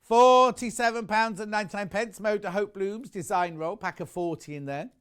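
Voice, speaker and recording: A man's voice: high voice, normal speed, a bit bright, smooth. A man presenting on a live shopping channel, chatty and enthusiastic, rambling into personal asides between prices.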